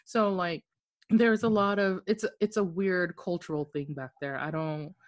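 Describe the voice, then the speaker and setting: A woman from Okinawa in casual conversation with friends, talking in an animated, candid way and swearing now and then. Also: on the low side, moderate pace, dry recording. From Okinawa, Japan. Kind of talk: casual chat.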